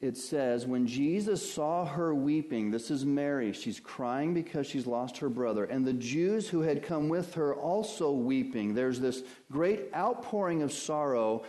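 A man delivers a sermon with earnest, preacherly conviction. His mid-range voice sinks to near-whispers on sorrowful points, then climbs high and loud as he builds toward hope. He calls his listeners beloved. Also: lively intonation, a little slow, hardly any pauses. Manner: swings from hushed lows to loud impassioned highs.

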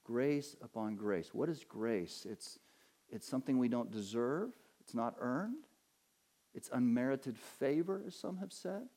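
A man preaching a sermon as pastor. He poses questions to his listeners and answers them, drawing out key words and climbing higher and stronger when he drives a point home. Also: lively intonation, mellow. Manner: earnest preaching, rising in pitch and force for emphasis, slows on key words.

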